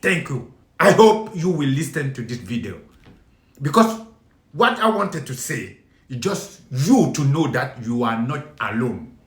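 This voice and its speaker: A man's voice: mid-range voice, sing-song, measured pace. A man with a Cameroonian accent, a native French speaker speaking English, making an impassioned appeal to his compatriots, pleading and emphatic, repeating himself. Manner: emphatic and pleading, repeating lines, bursts of shouting. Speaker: video speaker addressing compatriots. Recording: echoey room.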